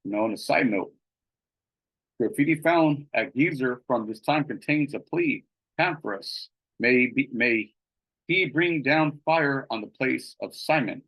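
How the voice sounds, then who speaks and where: A man's voice: medium pitch, lively intonation, a little slow, fairly bright tone, husky, low-quality recording. A man teaching a Bible study in a casual, conversational way, reading passages aloud and checking in with "right?" as he goes. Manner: conversational, many fillers and "right?" tag questions.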